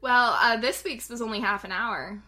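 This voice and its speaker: A young woman co-hosts a casual podcast, rambling through stories with frequent giggling and laughter. She speaks at normal speed in a fairly high, sharp-toned voice.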